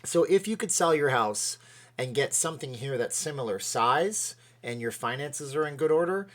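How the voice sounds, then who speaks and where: A Canadian man in middle age hosts a relaxed livestream, his medium-pitched, slightly bright voice animated at a moderate pace. He rambles chattily, sways as he talks, and reads out comments while thanking each viewer by name.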